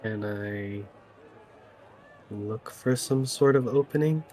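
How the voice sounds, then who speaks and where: A man's voice: on the low side, takes it slowly, mellow, some chatter behind. A man playing a tabletop game, hesitant and thinking aloud. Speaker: player.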